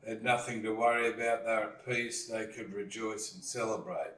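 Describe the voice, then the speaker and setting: A man leading a relaxed dining-table discussion, slowly retelling a story and acting out what people said. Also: fairly low pitch, distant mic. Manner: slow storytelling, retells scenes with acted lines. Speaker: discussion leader. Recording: echoey room, voice set back from the mic.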